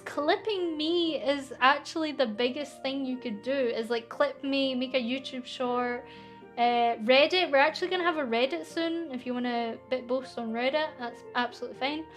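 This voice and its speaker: High-voiced Scottish woman streamer. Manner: chatty, giggly, reads viewer comments aloud. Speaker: VTuber streamer. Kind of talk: casual Q&A stream chat.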